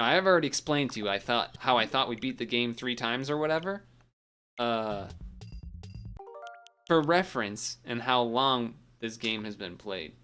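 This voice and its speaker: A man's voice: mid-range voice, pushed and bright, smooth. A young man with a Massachusetts accent chatting loosely with his stream audience, full of fillers and the odd swear. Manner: loose, laid-back, swears, lots of fillers. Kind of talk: casual stream chat.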